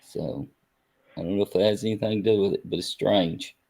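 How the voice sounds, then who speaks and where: Low-voiced man musing hesitantly. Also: fairly even intonation, fairly quick, creaky, mellow. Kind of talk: casual chat.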